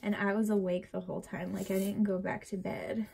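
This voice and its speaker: A woman's voice: medium pitch, level tone, a little fast, creaky, warm tone, a little hiss or hum. A young woman vlogger chatting casually and rambling while decorating a planner. She sounds tired and uncomfortable and often drops to a near whisper.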